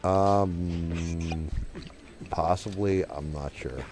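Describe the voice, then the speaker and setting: A man's voice: deep voice, extremely slow, music in the background. A middle-aged man hosting a stream, chatting casually and rambling while gaming, swearing offhandedly into a desk microphone. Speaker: streamer, host.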